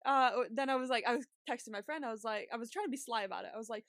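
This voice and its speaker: A woman's voice: a little high, lively intonation, fast talker, dry recording. Chatty young woman, dry close mic. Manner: chatty, swears freely, laughs often, many fillers. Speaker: podcast co-host. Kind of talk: casual storytelling chat.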